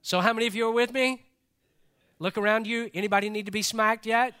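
A man's voice: high-pitched, steady tone, a little fast, sharp tone, clear, resonant tone. A male pastor preaching a sermon in a church service, talking conversationally and joking with the congregation.

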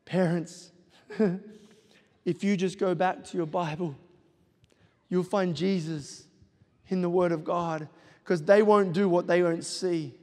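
Middle-aged guy preaching a sermon, pretty high voice, lots of hall reverb, keeps urging the crowd on. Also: steady tone, unhurried, darkish tone. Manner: preaching with repeated exhortations. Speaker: pastor. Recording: long reverb of a large hall.

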